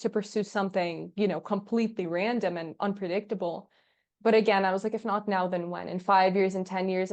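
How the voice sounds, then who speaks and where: A young woman, a podcast guest, chatting casually and telling lively stories, acting out the dialogue and laughing often. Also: mid-range voice. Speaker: podcast guest, agency founder. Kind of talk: casual interview chat.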